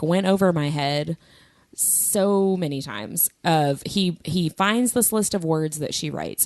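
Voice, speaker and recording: A woman co-hosting a podcast, talking casually about a book with quick asides and laughter. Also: deep voice, a little mellow, no echo. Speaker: podcast co-host.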